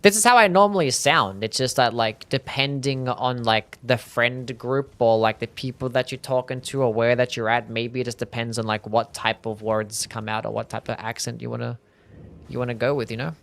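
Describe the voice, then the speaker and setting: A man's voice: medium pitch, level tone, normal speed, vocal fry. A young Australian man with a mild Australian accent, chatting casually while streaming a game and answering his chat.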